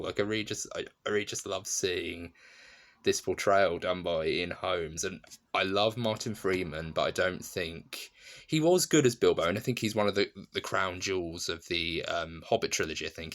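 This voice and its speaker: A man with a deep, low-pitched voice talks through a film review in a loose, casual way. He restarts sentences often and leans on fillers as he goes. He sounds fond and enthusiastic about the film. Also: fairly bright tone. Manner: rambling, many restarts and "you know" fillers.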